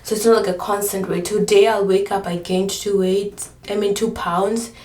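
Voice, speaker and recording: A woman's voice: medium pitch, steady tone, normal speed, darkish tone, roomy sound, recorded from a distance. A pregnant woman vlogger chatting casually, rambling with lots of fillers and often short of breath. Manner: rambling, filler-heavy storytelling. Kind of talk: casual chat.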